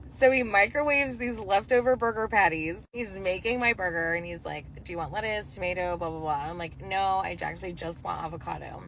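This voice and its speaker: A woman's voice: mid-range voice, a little fast, few pauses, fairly bright tone, a little hiss or hum, poor audio. A young adult woman telling a dating story casually, full of chatty "like" fillers.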